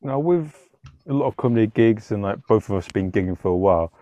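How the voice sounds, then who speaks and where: A man's voice: lowish voice, expressive, fast talker, mellow, no room sound, lo-fi sound. A man hosting an interview with a fellow comedian, loose and joking, laughing often. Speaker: podcast host, comedian. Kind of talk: casual interview chat.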